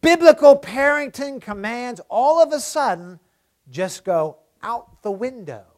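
A man with a notably high voice delivers a sermon. He leans hard on certain phrases and repeats them, then falls quiet for an aside before rising again. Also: expressive, unhurried. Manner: emphatic, swings from loud stresses to hushed asides; repeats key phrases for emphasis. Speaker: preacher.

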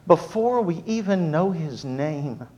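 A man delivering a sermon with a fairly high voice. He tells jokes with lively energy, then drops into a low, earnest exhortation. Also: slow pace, highs cut off. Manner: animated, humorous storytelling then earnest preaching. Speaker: preacher.

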